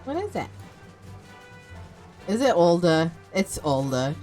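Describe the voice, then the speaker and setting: A woman's voice: fairly low pitch, big pitch swings, takes it slowly, dark tone, soft background music. Joking young woman streaming a game. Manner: joking, self-mocking, swears. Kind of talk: casual live-stream commentary.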